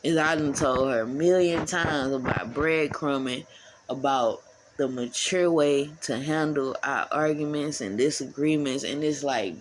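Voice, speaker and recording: A woman talking casually to her followers, rambling and repeating herself. She swings from low murmurs to heated, profane bursts. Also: measured pace, slight background noise, rough recording. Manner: frank and profane. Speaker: vlogger.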